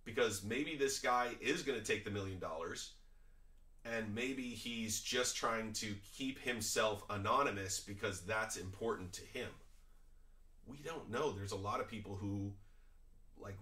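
A man's voice: on the low side, sharp tone, roomy sound. A man hosting a reaction video, giving opinionated, critical commentary on a clip in a conversational way.

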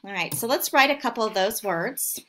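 A woman's voice: fairly high pitch, lively intonation, normal speed, sharp tone, slight background noise. A woman teaching a remote phonics lesson to second graders, patiently sounding out words syllable by syllable.

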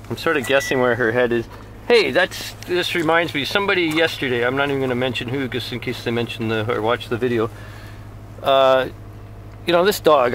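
A man vlogging casually while training his puppy, rambling and chatting, breaking into high sing-song baby talk to his dogs. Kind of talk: casual chat. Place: in a car, then outdoors by a pond. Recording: noisy car and outdoor ambience.

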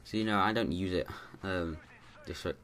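A man's voice: sits low, normal speed, fairly bright tone. A man giving rambling, casual commentary over his own gameplay, full of restarts and fillers.

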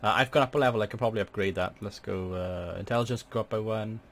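Excitable gamer with a low voice. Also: male voice, fast talker, vocal fry. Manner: chatty, swears in sudden excited outbursts. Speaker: gaming channel host. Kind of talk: let's play commentary.

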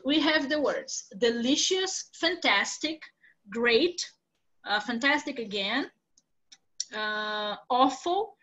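A woman's voice: high-pitched, a bit bright, rough recording. A woman English teacher with a Brazilian Portuguese accent, patiently explaining vocabulary with examples in a live online class.

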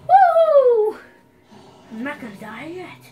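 A woman streamer giving excitable gameplay commentary, yelling at the enemies on screen. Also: a little high, a little slow, over music.

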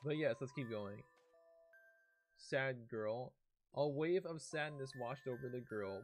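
A man's voice: medium pitch, slow pace, long pauses, soft background music. A young man streaming a game, reading a storybook aloud and often breaking off to chat and react.

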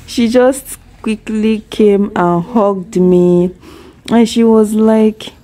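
Slow-talking mother, low and mellow. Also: steady tone. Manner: slow, tender, marveling, repeats phrases. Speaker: mother vlogging with her daughter. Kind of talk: casual chat to camera.

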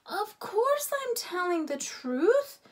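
A woman's voice: high-pitched, expressive, measured pace, breathy edge, exaggerated voice. A woman doing a bold little talking mouse. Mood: insistent. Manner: eager, indignant, insistent.

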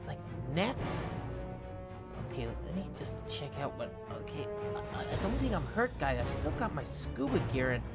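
A woman hosting a Minecraft adventure and telling it in the first person, her pitch swinging all over the place. She stammers and restarts as she talks, calling out to the viewers as guys. Music plays clearly underneath her. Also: big pitch swings, moderate pace. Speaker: Minecraft adventure channel host. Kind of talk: first-person game role-play narration. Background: background music.

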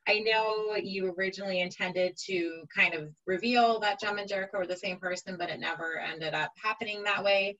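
A woman with a bright, sharp voice runs a panel session. She talks at a middle pitch and hesitates often, filling gaps with ums. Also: steady tone, moderate pace, muffled recording. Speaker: panel moderator. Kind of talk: moderating a panel.

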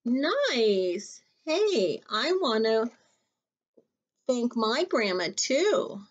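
Woman voicing a bouncy little boy rabbit, high and slow, lo-fi read-aloud storybook. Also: heavily acted. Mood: eager. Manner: excited, high and loud. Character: young male rabbit, eager and chatty.

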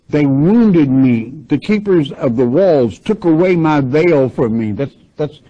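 A man's voice: mid-range voice, warm tone, husky. A man teaching verse by verse through a Bible passage, reading scripture aloud and then explaining it plainly. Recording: dull lo-fi recording.

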